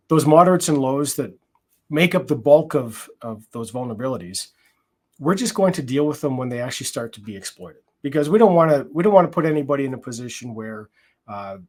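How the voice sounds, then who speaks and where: Man explaining patch priorities with fillers. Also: mid-range voice. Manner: explanatory, frequent fillers and restarts. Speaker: product security executive. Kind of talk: conference conversation.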